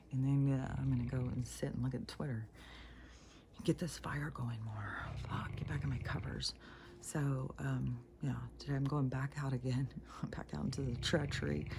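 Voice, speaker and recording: Gravelly, profane woman ranting at home. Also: extremely low pitch, dark tone, slight background noise. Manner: blunt and heavily profane; often drops to a near-whisper. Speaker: vlogger. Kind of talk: casual rambling rant to camera. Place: at home by a wood fire.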